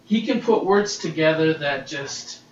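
A man's voice: on the high side, lively intonation, unhurried, slight background noise. A man hosting a casual solo podcast, gushing and swearing freely as he reviews comics, recorded on a laptop's built-in mic. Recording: roomy, distant, dull laptop-mic recording.

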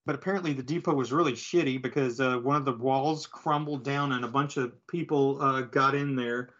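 A man with a middle-pitched voice casually retells a comic book story on a podcast. He rambles, restarts and fills gaps with "uh" and "like". The recording sounds a little dull and lo-fi. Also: fairly even intonation, a little fast, fairly bright tone. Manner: rambling, filler-heavy storytelling. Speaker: podcast co-host. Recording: slightly dull lo-fi audio.

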